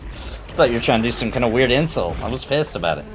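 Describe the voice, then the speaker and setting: A man casually chatting on a game stream, telling stories with lively shifts in voice. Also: fast talker, over music. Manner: animated storyteller, jumps high when quoting people. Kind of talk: casual gaming stream chat.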